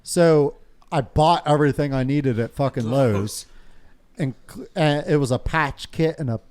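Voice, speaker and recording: A man's voice: a little high, measured pace, darkish tone. A man telling a rambling, profane story on a podcast, laughing often as he talks. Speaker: podcast co-host. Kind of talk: casual storytelling among friends.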